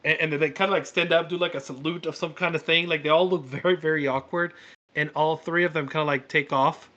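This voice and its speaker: A man's voice: a little high, steady tone, quick pace, bright, forceful tone, highs cut off. A man narrating a tabletop game as game master, rambling with lots of fillers and restarts.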